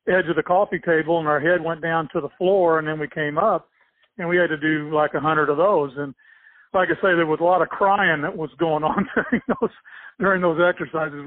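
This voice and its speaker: An older man being interviewed, telling a family memory in a halting, rambling way with many restarts and small chuckles. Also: on the high side, fairly even intonation, no room sound. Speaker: interviewee, former swimmer and coach. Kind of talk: casual spoken recollection. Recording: tinny phone-like dry sound.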